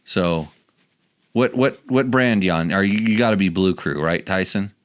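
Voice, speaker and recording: A man's voice: sits low, moderate pace. A man hosting a casual podcast chat, rambling and restarting his sentences as he goes. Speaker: podcast host.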